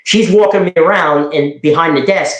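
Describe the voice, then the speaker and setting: A middle-aged man from New York casually telling police stories in a rambling, animated way, quoting dialogue. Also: on the high side, normal speed, roomy sound, rough recording. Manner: rambling, animated, with frequent restarts and quoted dialogue. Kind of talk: casual storytelling.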